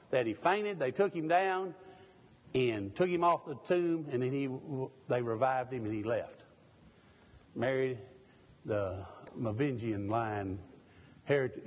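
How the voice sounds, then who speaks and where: A man's voice: medium pitch, darkish tone, breathy edge, big-room sound. A middle-aged man from Mississippi, preaching a sermon in a church. He keeps putting pointed questions to the congregation and jokes at his own expense. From Mississippi, USA.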